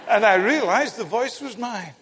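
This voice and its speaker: An older man preaching, telling a personal story in an earnest sermon style that sinks to a hushed tone at tense moments. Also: on the high side, a little hiss or hum. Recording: long hall reverb.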